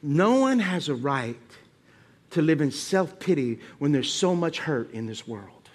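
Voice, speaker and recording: A man's voice: fairly high pitch, sing-song, unhurried, a little mellow. A male preacher delivering a sermon in church, calling out to the congregation. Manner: calls out to the congregation.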